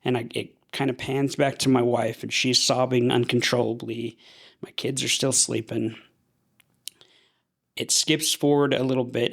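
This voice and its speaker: A young man from Idaho, a podcast guest, telling a personal story in an earnest, halting way with frequent restarts. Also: medium pitch, gravelly.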